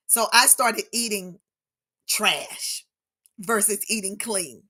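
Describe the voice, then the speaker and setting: Hosting a casual livestream about grief, a middle-aged woman talks warmly and animatedly to her viewers, calling them "y'all." Her voice is medium-pitched and her pace slow.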